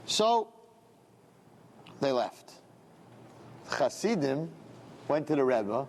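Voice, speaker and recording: Animated male rabbi telling a story. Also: on the high side, a little slow, long pauses. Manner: animated storyteller, acts out voices. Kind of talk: storytelling talk. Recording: long hall reverb.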